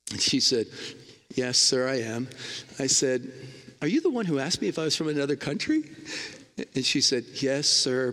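A man's voice: on the high side, a bit bright. A man preaching a sermon, telling a personal story with emphatic, swinging delivery. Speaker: guest preacher. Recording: long hall reverb.

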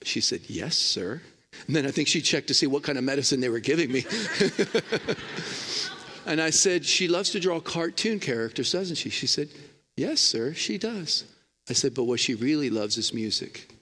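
A man's voice: mid-range voice, animated, moderate pace, sharp tone. A man preaching a sermon, telling a personal story with emphatic, swinging delivery. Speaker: guest preacher. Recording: long hall reverb.

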